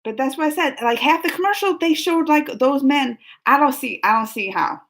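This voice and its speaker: A woman with a somewhat high voice holds a casual discussion show with the people in the room. She talks in an animated, emphatic and rambling way. Her sentences often restart before they finish. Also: a little fast. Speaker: reaction show host.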